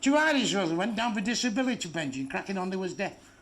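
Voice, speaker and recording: A man's voice: high voice, very animated, quick pace. A man telling crude, profane jokes in a stand-up comedy routine, delivering blunt punchlines on a club stage. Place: club stage before a laughing audience. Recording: noisy live show recording.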